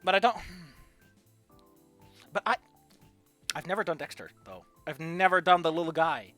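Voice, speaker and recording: This streamer, who didn't grow up speaking English, keeps up chatty, self-deprecating banter while playing a game, faint music underneath. Medium pitch, normal speed, and no echo; the delivery jumps between loud outbursts and mumbling.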